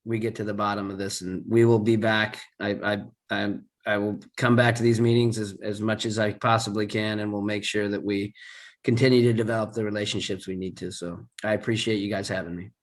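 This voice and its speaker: A man's voice: fairly low pitch, little pitch movement, fairly quick. A man guest at a meeting, earnest and sincere as he apologizes and takes his leave. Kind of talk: formal thanks and apology.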